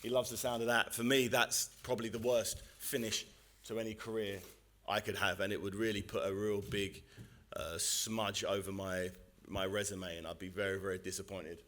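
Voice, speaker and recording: A boxer at a press conference who answers questions in a measured, determined and earnest way. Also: male voice, fairly low pitch, level tone, a bit bright.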